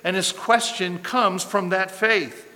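A bright, fairly high-voiced man preaching in a church sanctuary, his voice ringing with long hall reverb. He tells a story, acts out the voices in it and builds to impassioned pleas. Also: steady tone, takes it slowly. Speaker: pastor. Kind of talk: sermon.

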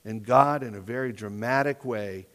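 A man preaching a sermon as pastor, earnest and questioning, often dropping to quiet emphasis. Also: mid-range voice, moderate pace. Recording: echoey hall reverb.

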